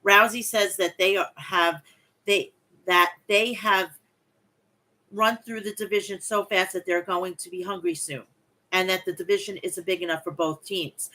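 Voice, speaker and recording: A woman hosting a wrestling recap podcast, recapping matches and breaking into profane, animated rants. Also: medium pitch, normal speed. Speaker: podcast host.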